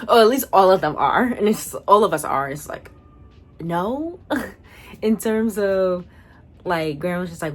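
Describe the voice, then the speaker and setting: A young adult woman chatting casually as a video reviewer, animated and sassy in her asides. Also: lowish voice, a little slow, pauses often, a little hiss or hum.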